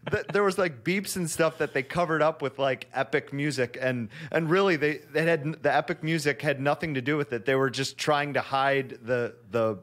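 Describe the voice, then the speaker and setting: A man's voice: on the high side, moderate pace, few pauses, a bit bright. A man co-hosting a cartoon podcast, rambling casually, laughing through his stories and swearing freely. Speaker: podcast co-host. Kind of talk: casual chat.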